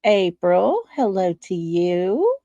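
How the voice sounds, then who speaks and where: Speaking slowly in a sing-song, medium-pitched voice with a dark tone, this worn-out Texan livestream host greets her viewers by name and chats in a folksy way. The audio has no echo, and its highs are cut off.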